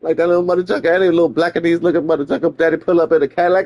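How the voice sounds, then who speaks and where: A man tells a comic story on his live stream, swinging from loud bursts to mumbled asides. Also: fairly high pitch, little pitch movement, very fast, dry recording, highs cut off. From New York.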